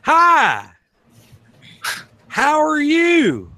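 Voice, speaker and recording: A cocky, flirtatious American rescuer who talks loudly and pushes his charm, as a player puts him on. The voice swings up and down with animated pitch. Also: extremely slow, no room sound, exaggerated voice.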